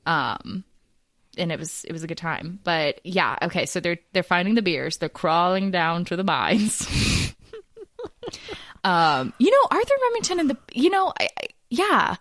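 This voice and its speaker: Excitable giggly woman podcast co-host. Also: on the low side, unhurried, no room sound, clean studio sound. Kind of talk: casual comedic chat. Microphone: headphones with studio mic.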